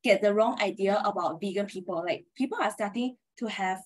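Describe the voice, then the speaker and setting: A young female student gives her opinion in class over a video call, using many filler words. Her voice is husky and breathy, with a middle pitch. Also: brisk. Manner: casual, frequent "like" fillers. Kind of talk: class presentation discussion.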